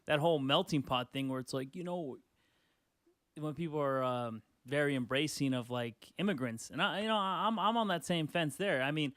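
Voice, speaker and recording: Halting young man in dry room. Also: fairly high pitch, fairly bright tone, no echo. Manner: halting, repeats words. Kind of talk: casual chat.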